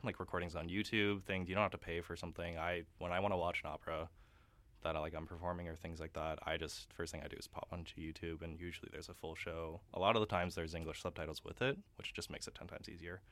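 Young male guest, very low pitch, forceful bright tone, dry close sound; chatty, quick to laugh. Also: flat delivery, dry recording. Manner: chatty, laughs often, many fillers. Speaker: guest opera singer. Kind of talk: casual radio interview.

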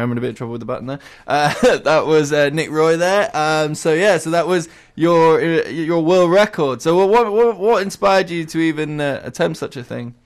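Smooth-voiced male radio host in the studio. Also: a little high. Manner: chatty, with frequent uh fillers. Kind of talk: radio show hosting.

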